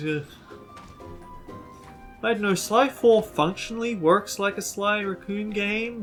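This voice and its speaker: A man with a fairly high voice gives casual commentary over his gameplay, musing and hesitating as he talks. Faint game music runs beneath his voice. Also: a bit bright. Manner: chatty, musing, with frequent hesitations. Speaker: let's play host.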